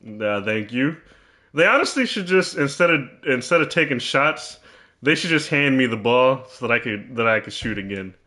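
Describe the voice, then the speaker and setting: A man's voice: mid-range voice, expressive, normal speed, sharp tone. A man commentating his own basketball video game, teasing and trash-talking in a mock-serious way and often repeating himself.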